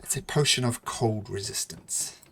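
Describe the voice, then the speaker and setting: A man's voice: fairly low pitch, normal speed, gravelly, a bit bright, slight background noise. Man, game master, tabletop narration, hesitant, stop-start. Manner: hesitant, many fillers and restarts.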